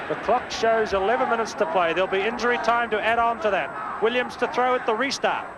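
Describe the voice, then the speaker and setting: A man giving brisk live rugby play-by-play commentary, lifting his voice on big plays, from a worn old videotape broadcast. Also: very high voice. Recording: worn old VHS broadcast with crowd noise.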